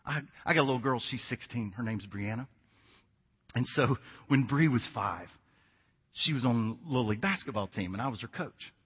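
A man's voice: mid-range voice, lively intonation, moderate pace, husky, big-room sound, dull audio. A man in his fifties preaching a sermon, telling stories in a conversational way and repeating his key points for emphasis. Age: 50s. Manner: conversational storytelling with emphatic repetition. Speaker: pastor.

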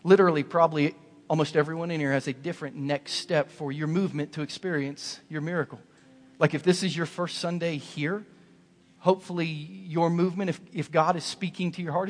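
A man preaching a Sunday sermon in a church sanctuary, his voice sitting a bit higher than most men's. He hammers points home through repeated, rising phrases, and each line rings out with a long reverb off the hall. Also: steady tone, fairly quick. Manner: emphatic, building repetition. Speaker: pastor.

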